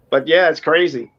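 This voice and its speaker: A man's voice: on the high side, lo-fi sound. A man from New Orleans hosting a casual livestream chat, rambling and laughing often. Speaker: livestream host.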